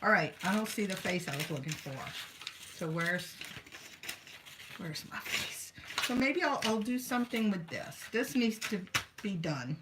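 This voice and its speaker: A woman's voice: mid-range voice, big pitch swings, moderate pace, background noise. Chatty woman rambling while crafting. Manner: rambling, chatty, talks to herself while working. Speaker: craft vlogger. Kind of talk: casual crafting chat.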